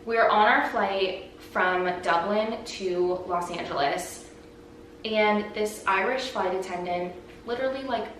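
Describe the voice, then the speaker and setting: A young woman who hosts her own vlog and podcast tells a story in a chatty, animated way, saying "like" constantly. Her mid-range voice takes it slowly. It sounds distant in a very echoey room with faint background noise.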